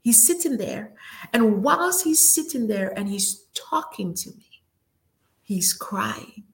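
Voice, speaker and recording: A woman host speaks reflectively in a middle-range voice, affirming her guest and sharing her own memories. Her delivery softens now and then to an almost whispered hush. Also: mid-range voice, animated, slow. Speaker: talk show host. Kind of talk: casual chat.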